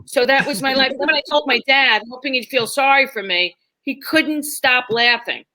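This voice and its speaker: A woman comedian spins stories from her life with an animated, laughing delivery. She slips into other people's voices as she goes. Her voice is high-pitched and bright. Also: moderate pace. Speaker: comedian guest. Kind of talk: storytelling chat.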